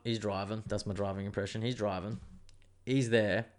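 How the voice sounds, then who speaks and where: A man hosting his own podcast, telling a news story in a rambling, animated way with plenty of swearing. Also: lowish voice, normal speed. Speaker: podcast host. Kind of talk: casual solo podcast rant.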